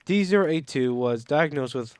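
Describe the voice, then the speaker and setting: A man narrating a game, reading test reports aloud slowly and deliberately, now and then coughing. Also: a little high, animated, clean tone, dry recording. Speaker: gaming channel narrator.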